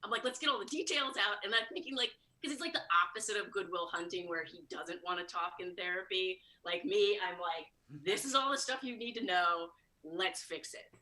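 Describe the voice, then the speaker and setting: A woman comedian from Chicago telling a story at a fast, high-energy clip, acting out the quoted lines. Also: animated, sharp tone, poor audio. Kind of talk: live storytelling monologue.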